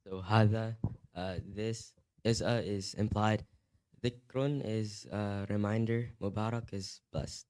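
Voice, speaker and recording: Low-voiced man reading slowly. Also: steady tone, a little mellow, smooth. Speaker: student. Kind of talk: reading answers in class.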